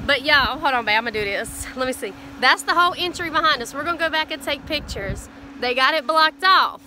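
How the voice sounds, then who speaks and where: High-voiced woman vlogging a road trip. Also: lively intonation, brisk, sharp tone, a little hiss or hum. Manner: chatty, addresses viewers as "y'all". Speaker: vlog co-host. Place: car and outdoor stops on a road trip.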